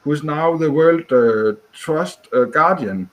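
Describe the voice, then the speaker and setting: Hesitant higher-voiced man from Scotland. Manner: hesitant, full of pauses and "uh"s. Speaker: guest caller. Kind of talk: casual chat.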